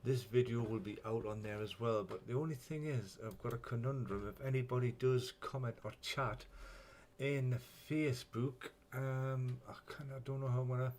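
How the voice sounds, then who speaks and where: A man's voice: mid-range voice, fairly even intonation, moderate pace, a little mellow. A man hosting a casual live stream, rambling and chatty, swearing when flustered.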